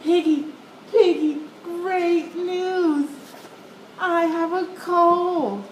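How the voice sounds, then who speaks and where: A woman voicing a gentle, worried male elephant who frets and sneezes theatrically, in a storybook read-aloud. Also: fairly high pitch, expressive, slow pace. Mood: delighted. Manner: fretful, with big theatrical sneezes. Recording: echoey room with background noise.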